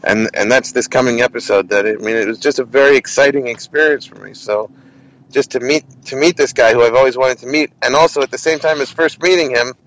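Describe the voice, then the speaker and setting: A man who hosts a comedy interview podcast, telling stories in an animated, casual way with lots of restarts. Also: mid-range voice, fairly quick, rough recording. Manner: animated, many restarts and quoted voices.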